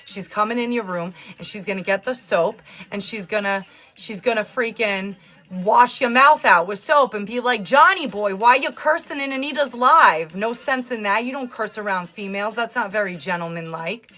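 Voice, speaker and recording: A woman's voice: mid-range voice, normal speed. Sarcastic New woman livestreaming. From New York. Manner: sarcastic, teasing, loud and lively. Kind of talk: casual live-stream chat, reading comments.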